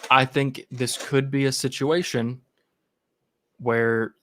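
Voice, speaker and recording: A man's voice: mid-range voice, little pitch movement, takes it slowly, fairly bright tone, slight background noise. A man with a mid-range voice co-hosts a casual live-stream film chat. He rambles and circles around his points, trading thoughts with his partner. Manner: rambling, many fillers and restarts. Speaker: podcast co-host.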